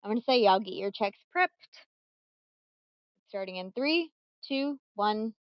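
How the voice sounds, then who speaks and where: A woman running a tabletop game as game master, casual and animated, swearing freely, at her computer mic. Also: mid-range voice, measured pace, no room sound, dull audio.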